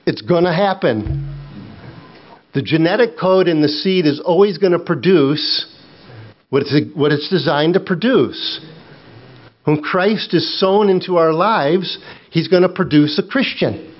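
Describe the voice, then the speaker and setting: A man in middle age delivers a sermon at an unhurried, deliberate pace. His voice sits fairly high for a man, and he sinks into a low, close tone for personal moments. The recording is dull and lo-fi. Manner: slow, earnest, drops to a low intimate tone for personal story. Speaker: preacher. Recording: dull lo-fi sound.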